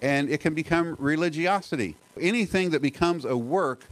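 In this rough recording, a middle-aged man preaches as pastor, his voice pitched on the high side. He talks earnestly yet conversationally, asking rhetorical questions, restarting often, and slowing to stress key phrases.

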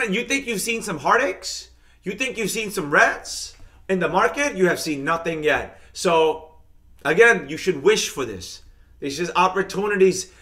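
Hyped, high-voiced man teaching trading live. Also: sharp tone. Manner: hyped, repetitive, chanting catchphrases; talks straight to viewers, reading their comments. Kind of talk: live-streamed market lesson.

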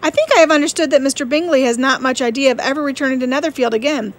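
A woman reading as a sharp-witted young lady. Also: sits high, racing, natural voice. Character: witty young woman, lively and sharp-tongued. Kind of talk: audiobook reading.

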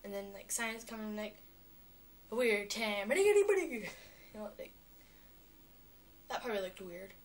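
A young girl talking on a vlog, chatty and animated, with lots of filler words. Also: medium pitch, moderate pace, long pauses. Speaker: vlogger. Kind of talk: rambling vlog monologue.

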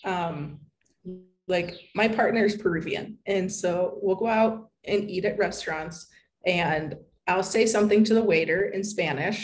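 A young American woman speaks as a podcast guest in a relaxed, conversational way. She fills her talk with "like" and drops into little acted-out quotes. Her voice sits slightly low for a woman. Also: a little slow, poor audio. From United States. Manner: chatty, peppers speech with "like", acts out quoted voices. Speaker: guest, content writer. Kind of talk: casual interview chat.

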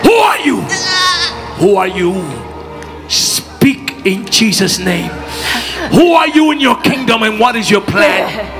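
A man, a prophet, leading a deliverance prayer with commanding, mocking shouts and repeated orders. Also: very high voice.

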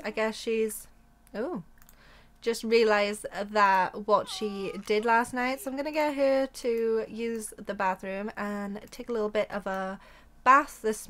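A woman's voice: a little high, a bit bright. A young woman hosting a gaming channel, chatting casually through a life-sim playthrough and laughing easily. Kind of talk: casual let's-play narration.

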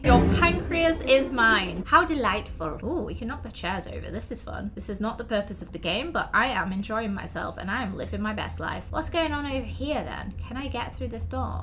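A young woman hosting a horror game let's-play, chatty and playful, joking aloud and talking to the things on screen. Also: fairly high pitch. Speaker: gaming video host. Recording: steady background noise.

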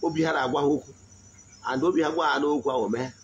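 A man giving a spiritual teaching in a slow, deliberate voice, often asking his listeners if they follow. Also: on the high side, muffled recording, a little hiss or hum. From Nigeria. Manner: switches between Igbo and English, frequent check-ins. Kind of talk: spoken teaching.

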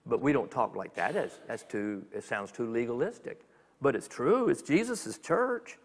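Animated preacher man in a reverberant church. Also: medium pitch. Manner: animated, conversational preaching with quick acted asides. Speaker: minister. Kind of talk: sermon. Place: church sanctuary.

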